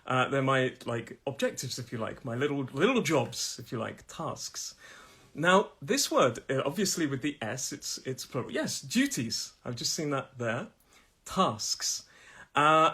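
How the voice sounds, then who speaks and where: A young adult man with a southern English accent teaching pronunciation live, repeating words slowly and laughing often. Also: mid-range voice, very animated, bright, forceful tone, slightly rough. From England. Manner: friendly, drawn-out repetitions of words, laughs often. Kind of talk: live online pronunciation lesson.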